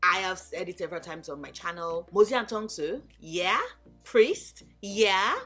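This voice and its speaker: Animated woman gushing about books. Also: on the low side, unhurried, soft background music. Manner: animated, gushing, swears freely. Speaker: book YouTuber. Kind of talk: casual vlog chat. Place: home in Lagos.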